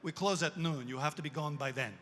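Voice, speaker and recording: A man quoting a stern, humorless woman who runs a garage, in a curt and flat tone, in a reverberant hall. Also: fairly high pitch, a little fast, a little hiss or hum, natural voice.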